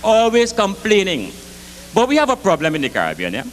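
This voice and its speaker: A man doing live comic storytelling with an animated, rhythmic Caribbean delivery. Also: high voice, a little fast, slight background noise.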